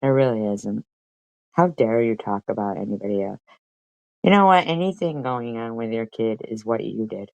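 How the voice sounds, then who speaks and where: A woman's voice: rumbling low, animated, moderate pace, gravelly, darkish tone, dry recording, lo-fi sound. A woman live streamer arguing in a profane, confrontational and mocking way. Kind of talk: heated live-stream commentary.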